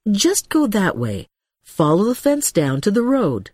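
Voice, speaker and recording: A woman's voice: on the low side, sing-song, moderate pace, dark tone, no room sound, studio quality. A woman voicing a flustered, kind woman who babbles nervously. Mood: firm. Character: flustered middle-aged woman, chatty and kind.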